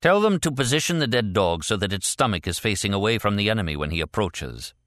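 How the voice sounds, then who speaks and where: A man's voice: on the low side, animated, fast talker, a bit bright, no echo. A man voicing a cool, sardonic male operative who speaks dryly and with formal irony. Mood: commanding. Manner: dry, formal and ironic.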